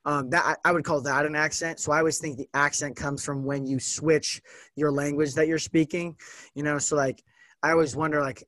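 A man's voice: fairly high pitch, little pitch movement, a little fast, a bit bright, dry recording. An American man hosting a podcast, asking questions in a casual, rambling way with many fillers. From United States. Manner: rambling, filler-heavy, curious. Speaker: podcast host. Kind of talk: casual conversation.

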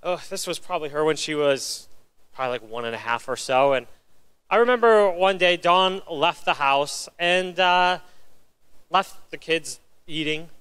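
Male pastor in his 30s: high, resonant voice, chatty storytelling sermon. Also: unhurried, fairly bright tone, smooth. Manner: casual, chatty, lots of filler words.

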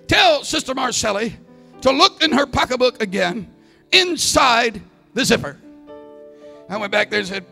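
Man preaching hard in church, high sharp voice, gravelly, yells the big lines. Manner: preaching with shouted climaxes and storytelling. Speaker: evangelist. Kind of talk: Pentecostal sermon. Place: church sanctuary. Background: soft organ music.

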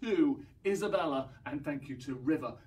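A man leading young children through an action song, singing slowly and playfully acting out the sounds. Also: fairly high pitch, expressive, a little mellow, recorded from a distance. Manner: playful, sings slowly, mimes and acts out sounds. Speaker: children's singing session leader.

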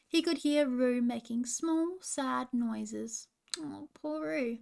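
A woman with an Australian accent reading a children's story with gentle coaching asides. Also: sits high, slow, vocal fry. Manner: warm, gentle, chatty with children.

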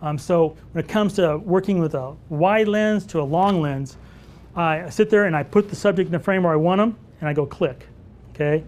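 A man teaching wildlife photography at a live workshop, telling stories and answering audience questions in an animated way. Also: fairly high pitch, moderate pace. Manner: animated storyteller who acts out dialogue.

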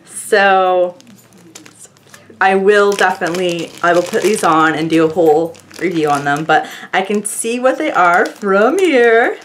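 A woman's voice: on the low side, lively intonation, measured pace, a little hiss or hum. A woman vlogger chatting casually to the camera, gushing and effusive as she rambles on. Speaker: beauty vlogger opening fan mail.

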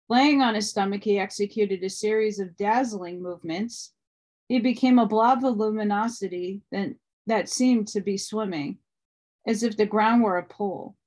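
A woman reading a book aloud at a steady pace, with small restarts along the way. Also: medium pitch. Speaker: audiobook reader.

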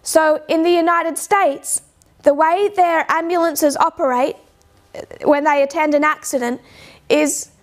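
A woman giving an informal lecture, slowing down to stress points and posing rhetorical questions. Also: high voice, steady tone. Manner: measured, slows down to stress points. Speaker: speaker giving a talk.

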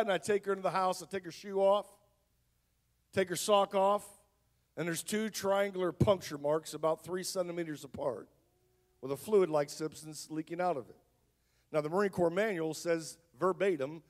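A man's voice: high-pitched, normal speed. A man who is a pastor, telling his testimony in a sermon in a conversational storytelling style, with joking asides.

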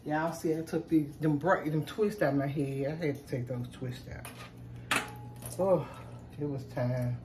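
Cooking in her home kitchen, a woman chats casually with her viewers, calling them "y'all." Her low voice keeps a fairly even intonation at a measured pace. The distant mic picks up an echoey room and a noisy kitchen background.

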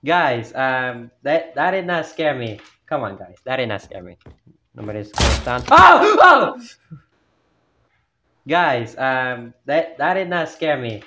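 A man gives expressive gameplay commentary on a horror map at home, with family around, talking to himself and jumping with yelps and exclamations at every scare. His mid-range voice has a fairly bright tone and a measured pace, over slight background noise.

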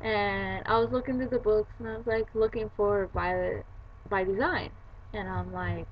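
A woman's voice: mid-range voice, moderate pace. Young woman, book vlogger, chatty storyteller; lo-fi webcam audio, faint hiss. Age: young adult. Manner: chatty, retells scenes with quoted voices. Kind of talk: casual chat.

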